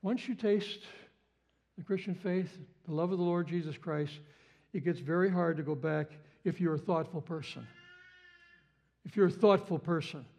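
High-voiced guy preaching, fired up, says stuff twice, pops off with loud "what?"s. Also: normal speed, vocal fry. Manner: impassioned, repeats phrases, jumps to high exclamations. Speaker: pastor. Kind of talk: sermon.

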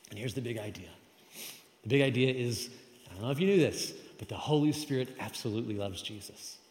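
A man's voice: mid-range voice, animated, brisk, darkish tone. A man giving a sermon as pastor, emphatic and conversational. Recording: echoey hall with long reverb.

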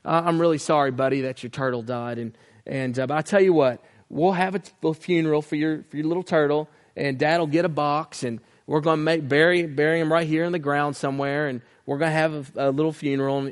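A man speaking as an eager dad who wants to be the hero, coaxing his sad little son. He talks in an upbeat, hurried voice, close to his own. His pitch sits a little high for a man. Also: steady tone, lightly acted.

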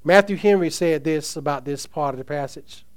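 A man's voice: fairly high pitch, normal speed, clean tone. A man preaching a sermon, reading scripture aloud and asking the congregation questions with emphasis. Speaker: pastor.

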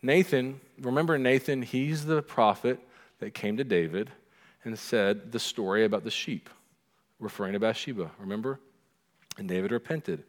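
A middle-aged man preaching a sermon as pastor, animated, acting out the lines he quotes. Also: lowish voice, normal speed. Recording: long reverb of a hall.

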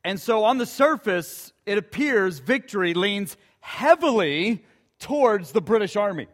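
Brief: male pastor, high-pitched, unhurried sermon storyteller. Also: expressive. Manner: emphatic storytelling with dramatic repetition.

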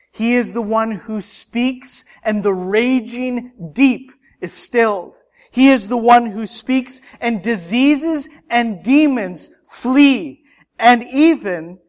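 A man preaching a sermon, impassioned and rhetorical, swinging between loud emphatic lines and hushed ones. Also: high-pitched.

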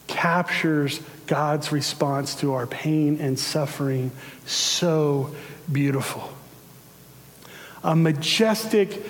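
A man preaching a sermon in an earnest, conversational way, with some fillers. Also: fairly high pitch. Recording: long hall reverb.

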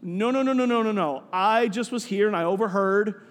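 An earnest preacher explains himself sheepishly and stumbles over his words, as a man puts him on. The voice is very high for a man. A big hall adds a long echo. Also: moderate pace, natural voice. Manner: earnest, hesitant, repeating words.

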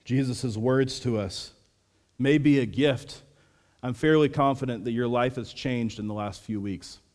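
A man in his thirties preaching a sermon as pastor, earnest and measured, sometimes dropping to a soft, quiet delivery. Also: medium pitch. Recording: long hall reverb.

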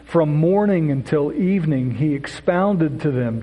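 A man's voice: on the high side, lively intonation, unhurried, hardly any pauses, mellow. A man giving a casual Bible lesson, often asking "right?" and stumbling over repeated words. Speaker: Bible teacher. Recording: echoey hall with long reverb.

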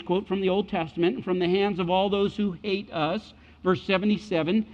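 A man's voice: sits high, in a large hall, muffled recording. A middle-aged man preaching a sermon, emphatic and repeating key phrases for weight. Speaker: pastor.

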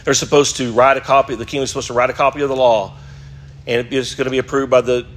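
A middle-aged man leads an adult Sunday school class, reading scripture aloud and tossing rhetorical questions to his listeners. His voice sits at medium pitch, flat in delivery, and he talks fast, in the style of a Bible class lecture.

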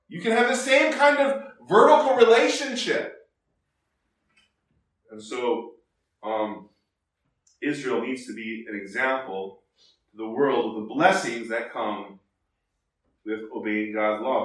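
A man's voice: fairly high pitch, fairly bright tone. A man teaching from the Bible in a conversational sermon, with many restarts and fillers and a lift in his voice when he quotes the text. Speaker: preacher. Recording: very echoey hall, voice from far off.

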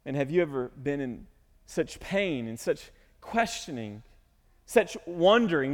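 A man's voice: on the high side, very animated, measured pace, big-room sound. A man preaching a sermon as pastor, speaking earnestly and emotionally, at times rising into pleading cries.

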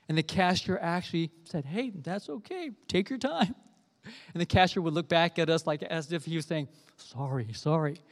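Guy preaching a sermon, gentle storyteller, kinda high voice, echoey church hall. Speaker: pastor.

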